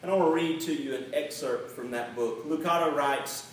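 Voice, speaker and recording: A man preaching a sermon as pastor, emphatic, slowing down to stress the key words. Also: on the high side, recorded from a distance, a little hiss or hum. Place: church sanctuary. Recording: very echoey hall, mic set back.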